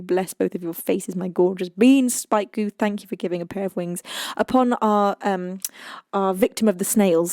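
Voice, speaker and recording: A woman's voice: medium pitch, dark tone, dry recording, studio quality. A British woman hosting a music live stream, chatting casually and reading viewer comments, giggly and playful.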